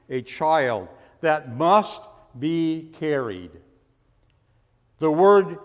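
A man preaching a sermon, asking rhetorical questions and building to forceful emphasis. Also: a little high, long reverb tail. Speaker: pastor.

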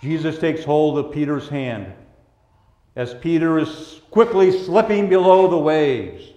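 Guy preaching, gentle pastor vibe, goes quiet then loud, kinda high voice, roomy echo. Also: a little slow, dull audio. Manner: gentle, pastoral, swinging between soft hushed passages and raised emphatic ones. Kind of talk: sermon.

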